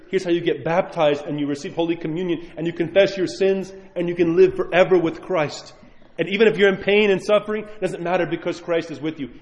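A man preaching an animated storytelling sermon, repeating phrases for emphasis. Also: fairly high pitch, highs cut off. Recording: echoey hall with long reverb.

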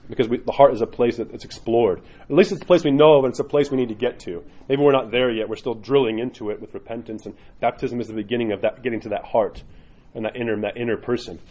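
Priest guy, lively storyteller, keeps asking "right?", chatty teaching vibe. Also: mid-range voice. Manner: animated storyteller, often asks "right?". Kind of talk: informal teaching talk.

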